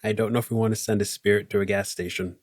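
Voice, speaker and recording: A man playing a tabletop role-playing game, speaking in character in a calm, dry way. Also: on the low side, fast talker, no echo. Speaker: player. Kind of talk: casual in-character chat.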